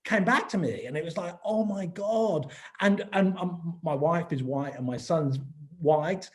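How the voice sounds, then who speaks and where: A man from England, hosting an interview and reflecting haltingly with many restarts. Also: fairly high pitch. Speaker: podcast host. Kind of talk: interview conversation.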